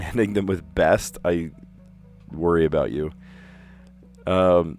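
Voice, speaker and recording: A deep-voiced man talks his way through word puzzles on a casual livestream, musing out loud and tossing in amused little asides. Soft music plays faintly behind him. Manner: chatty, thinks aloud, self-amused asides. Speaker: teacher and puzzle livestream host.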